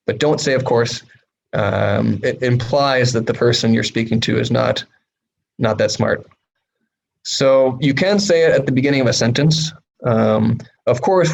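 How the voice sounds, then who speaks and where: A man's voice: mid-range voice, gravelly, poor audio. A man giving a casual video lesson on English usage, speaking directly with frequent fillers like "um" and "uh". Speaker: English teacher. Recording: faint background noise.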